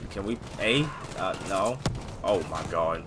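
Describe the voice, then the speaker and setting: A man hosting a gaming video, giving excited, slangy commentary while he plays, often yelping or shouting. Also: sits low, unhurried. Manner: jokey, yelps and shouts at sudden moments, slangy. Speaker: gaming channel host. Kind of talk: excited live gameplay commentary. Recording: gunfire and game noise clearly behind.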